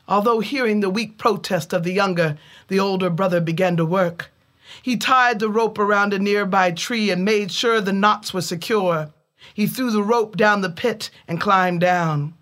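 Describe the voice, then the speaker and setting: A woman telling a folk tale in a measured way, with dramatic pauses. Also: medium pitch, fairly bright tone. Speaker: storyteller. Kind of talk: oral storytelling.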